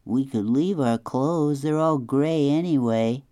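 Woman playing a practical young boy who coaxes softly; slightly raised pitch, steady pace. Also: slow, no echo, studio quality. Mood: coaxing. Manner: gentle, coaxing.

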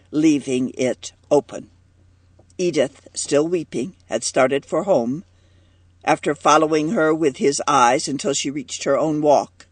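A man's voice: fairly high pitch, dry recording. A man narrating a story in an audiobook, reading expressively.

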